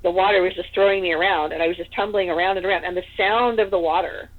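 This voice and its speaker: Heard over tinny phone-line audio, this woman speaks fast in a low, steady voice. She's from Northern California and, as a podcast guest, rambles through a casual story full of "like" and "you know."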